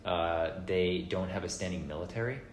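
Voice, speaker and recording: Low-voiced man in casual podcast chat. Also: normal speed. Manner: rambling, animated when mimicking people. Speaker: podcast guest. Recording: roomy echo with faint background noise.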